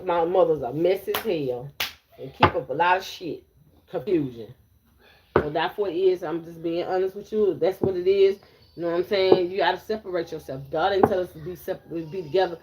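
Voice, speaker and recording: A woman's voice: fairly low pitch, normal speed, long pauses, very noisy. A woman giving a blunt, repetitive live tarot reading, talking straight to her viewers. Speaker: tarot reader.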